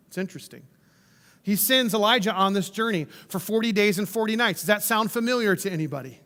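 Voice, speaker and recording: A man's voice: high voice, lively intonation, fast talker, sharp tone, in a large hall. A man preaching a sermon in a conversational way, often checking in with the listeners. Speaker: pastor.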